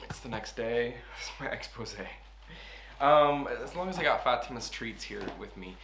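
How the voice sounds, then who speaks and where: Brief: thirties male travel vlogger, middle-pitched, joking and sarcastic, background music under the voice. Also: lively intonation, measured pace, pauses often, fairly bright tone. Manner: chatty, sarcastic, swears and laughs often. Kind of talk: casual vlog monologue. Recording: music playing over the voice.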